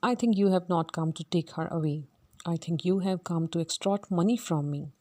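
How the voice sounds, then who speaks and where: An arrogant professor who talks down to everyone in a brisk, lordly way, read by a woman in her own voice. The tone stays mellow and warm, even when he is at his most dismissive. It comes across as a classroom play reading. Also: lowish voice, natural voice. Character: arrogant male phonetics professor, brusque.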